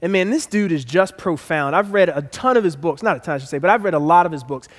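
A man's voice: a little high, fast, big-room sound. A man preaching a sermon as pastor, emphatic and repeating his key phrases.

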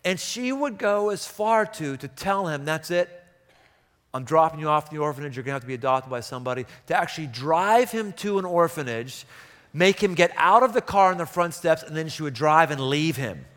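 A man's voice: on the high side, animated, a little fast, fairly bright tone, long reverb tail. A man preaching a sermon, telling stories and breaking into impassioned, rising outbursts. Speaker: pastor.

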